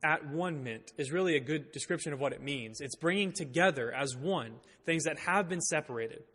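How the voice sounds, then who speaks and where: A man's voice: on the high side, normal speed, a bit bright. A man preaching a sermon in a church, reading scripture aloud and explaining it with light humor. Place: church sanctuary. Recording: long reverb in a church hall.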